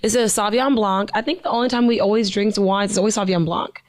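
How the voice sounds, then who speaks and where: A woman co-hosting a podcast in loose, profane casual chat, animated and fond of reading aloud. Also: medium pitch, fast. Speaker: podcast co-host.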